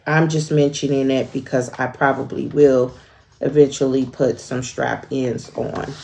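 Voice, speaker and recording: A woman hosting a sewing tutorial, narrating each step in a relaxed, thinking-aloud way with frequent fillers. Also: low voice, gravelly.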